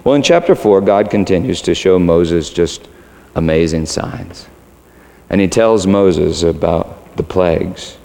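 A man preaching a sermon emphatically, swinging between loud declarations and hushed asides. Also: low voice, unhurried, vocal fry. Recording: long hall reverb.

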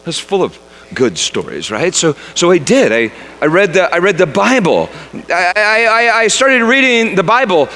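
A man's voice: high-pitched, sing-song, moderate pace, sharp tone. A man giving a storytelling sermon, reading aloud dramatically, often stumbling and repeating words. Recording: long reverb of a large hall.

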